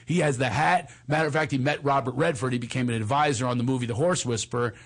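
Husky philly guy, middle-aged, rambling casual story, keeps restarting. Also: mid-range voice, fast talker. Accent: Philadelphia. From Philadelphia. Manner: chatty storyteller, restarts a lot, puts on a soft cowboy drawl for quotes. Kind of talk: casual chat.

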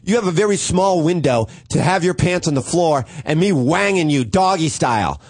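A man's voice: on the high side, lively intonation, normal speed. A man who tours as a comedian, talking crudely and boastfully in casual chat. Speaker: touring comedian, co-host.

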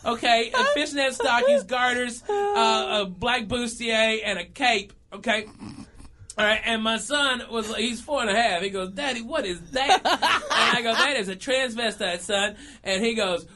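A man in his thirties telling a funny story in a casual chat, animated and laughing through his lines, often saying okay and all right. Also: very high-pitched, a little slow, slight background noise.

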